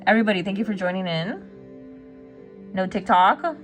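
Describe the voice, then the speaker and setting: A woman hosting a relaxed art livestream, reading viewers' messages aloud and answering them with frequent giggles. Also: mid-range voice, normal speed, faint music behind. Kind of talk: casual chat with viewers.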